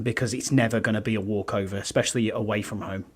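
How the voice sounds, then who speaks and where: A man on a casual sports podcast, giving a measured, cautious preview of an upcoming game. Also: fairly low pitch, steady tone, husky. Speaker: podcast guest analyst.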